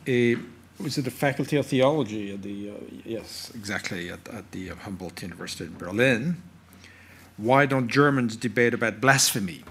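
A man's voice: lowish voice, moderate pace, creaky, fairly bright tone, a little hiss or hum. A man chairing a conference panel in a conference room, repeating words and restarting as he introduces the speakers.

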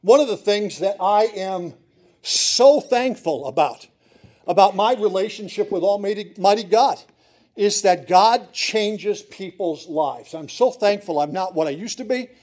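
High-voiced pastor preaching earnestly. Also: male voice, lively intonation, a little slow, a little mellow. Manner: earnest, pleading, with emphatic repetitions. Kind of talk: sermon. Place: church.

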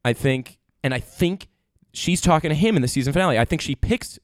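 Insistent podcast co-host, dry sound. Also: male voice, on the high side, animated, fairly quick, dry recording. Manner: argumentative, insistent, joking. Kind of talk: casual chat.

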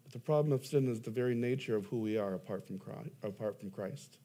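A man's voice: on the low side, quick pace, dark tone. A young adult man, a pastor preaching a sermon, telling stories with self-deprecating humor and emphatic rises.

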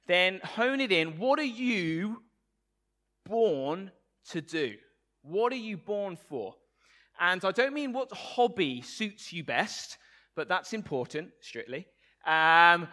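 A man's voice: high voice, sharp tone. A man preaching a Sunday sermon, playful and asking the congregation questions.

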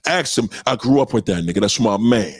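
A middle-aged man with a New York accent, trash-talking his chat in a loud, profane, boastful way while he plays records on a live stream. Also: lowish voice, expressive, fairly quick, breathy edge, no room sound. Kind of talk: hyped trash talk over music.

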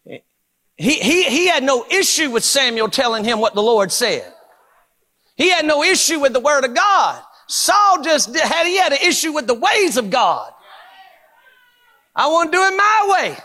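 A man preaching a Pentecostal sermon in a church, fervent and rhythmic, building to shouts with repeated phrases. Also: very high-pitched, big pitch swings, normal speed, in a large hall. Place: church sanctuary.

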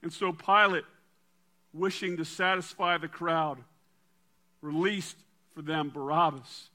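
High, bright-voiced male preacher. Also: fairly even intonation, slow, long pauses. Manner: dramatic, drops to a quiet low voice for emphasis. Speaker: pastor. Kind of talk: sermon with scripture reading.

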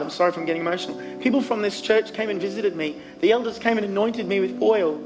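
Man, youth pastor, emphatic sermon, slightly high voice, live church stage with guitar. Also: fast, hardly any pauses, low-quality recording. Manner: earnest, emphatic preaching with fillers.

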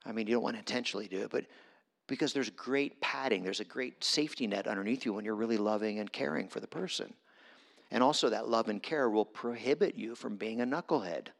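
A man's voice: on the low side, quick pace, creaky. A middle-aged man giving a conversational storytelling sermon as a guest preacher, self-deprecating and acting out his own quotes. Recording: long hall reverb with music.

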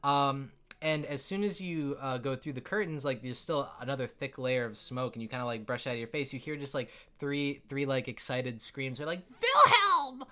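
A man's voice: medium pitch, moderate pace, a bit bright, clean tone. A man narrating a tabletop game as game master, rambling with many fillers and frequent laughter.

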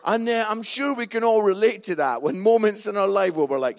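A man's voice: sits high, fairly quick. A middle-aged Scottish man preaching as a guest speaker, telling humorous family stories and acting out the raised voices in them. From Scotland. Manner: animated, acts out family quarrels in raised voices. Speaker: visiting preacher. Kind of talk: humorous sermon storytelling.

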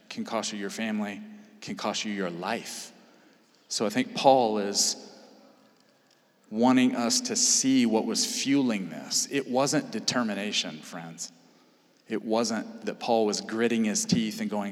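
A man's voice: fairly low pitch, steady tone, a little slow. A man preaching a sermon in earnest, building to emphatic peaks. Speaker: pastor. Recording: long hall reverb.

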